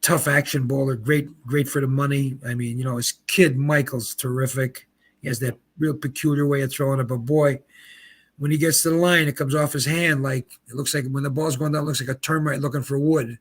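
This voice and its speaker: A man in his seventies from Pennsylvania, a retired bowler and guest, telling rambling, animated anecdotes in casual chat. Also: mid-range voice, fairly quick, breathy edge. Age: 70s. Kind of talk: casual storytelling.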